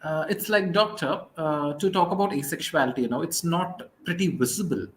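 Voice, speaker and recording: Indian man, soft-spoken, hesitant interview guest, roomy sound, faint noise. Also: a little high, a little fast. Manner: soft-spoken, hesitant, many "uh" and "you know". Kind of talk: casual interview talk.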